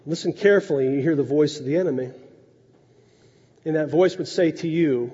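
A man preaching a sermon in a conversational way, dropping low and soft to drive points home. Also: fairly quick, long pauses, husky. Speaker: pastor. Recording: echoey hall, dull lo-fi sound.

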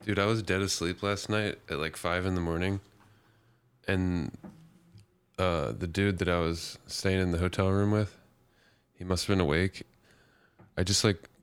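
Man, deep voice, dry close sound, crude storytelling, frequent laughs. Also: steady tone, measured pace, a bit bright, smooth, dry recording. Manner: crude, laughs often at his own stories. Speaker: podcast co-host. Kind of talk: casual chat.

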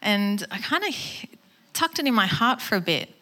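A woman's voice: medium pitch, big pitch swings, moderate pace, sharp tone. A woman shares her testimony from the front of a church gathering, in an earnest and conversational tone. Her voice sits in a middle range, and she jumps into livelier voices when she quotes others. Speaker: guest speaker. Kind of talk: personal testimony sermon.

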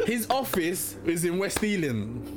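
A man's voice: high voice, big pitch swings, unhurried, over a noisy crowd. A man, a podcast host telling a childhood story with laughter and acted-out voices of his parents. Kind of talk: animated storytelling among friends. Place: studio. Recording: noisy studio recording.

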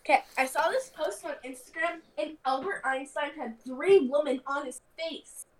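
A woman's voice: high-pitched, normal speed. A young woman co-hosting a casual podcast with friends, rambling and giggly in a goofy way. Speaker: podcast co-host. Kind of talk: casual chat among friends.

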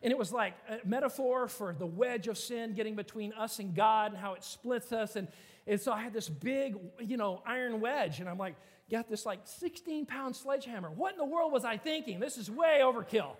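A man, a pastor telling stories in a sermon in an animated, conversational way. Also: very high-pitched, moderate pace, long reverb tail. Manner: animated, conversational, many filler "like"s. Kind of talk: storytelling sermon.

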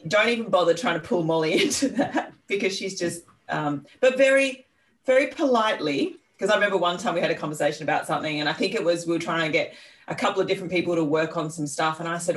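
A woman co-hosting a podcast, with an Australian accent, who rambles through long, appreciative remarks and interrupts herself. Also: on the low side. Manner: rambling, warm praise with laughs and self-interruptions. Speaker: podcast co-host. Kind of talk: casual interview conversation. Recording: slightly distant mic.

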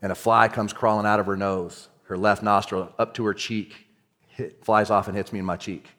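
A male pastor telling a story in a sermon, swinging between hushed storytelling and shouting. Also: lowish voice, fairly even intonation, moderate pace, big-room sound.

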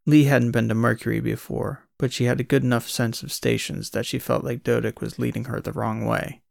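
Gravelly male audiobook narrator. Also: medium pitch, little pitch movement, a little fast, a little mellow, dry recording, studio quality. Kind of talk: scripted narration.

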